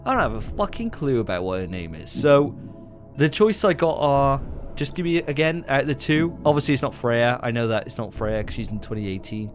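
Brief: male co-host, lively pitch swings, banter and swearing, faint music under. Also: fairly quick. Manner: banter-heavy, swearing, animated. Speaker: podcast co-host. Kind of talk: casual drinking-game chat.

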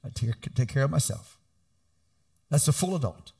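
A middle-aged male pastor preaching an animated sermon with emphatic calls to the congregation. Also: medium pitch, moderate pace, vocal fry.

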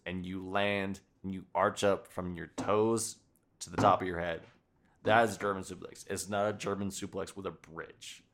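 A man hosting a podcast in casual chat, talking excitedly with lots of swearing and acting out quotes. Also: low-pitched. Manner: excited, profane, acts out quotes. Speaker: podcast host.

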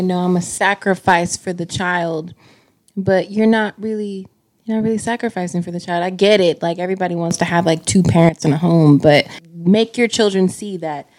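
Woman co-host, lively and playful, casual and salty. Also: lowish voice. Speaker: podcast co-host. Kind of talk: casual chat.

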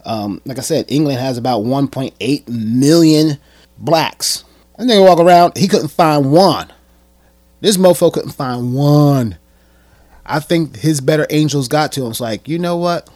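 A man commenting on a clip he plays for his viewers, animated and emphatic, often stammering and repeating words. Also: mid-range voice, unhurried, no room sound. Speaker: video commentator. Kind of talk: reaction commentary.

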